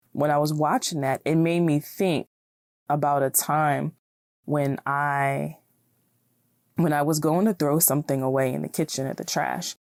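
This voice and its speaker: Low-voiced woman hosting a chatty podcast. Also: creaky, a little mellow, dry recording, clean studio sound. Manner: chatty, encouraging, laughs often. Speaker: podcast host. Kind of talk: casual solo podcast talk.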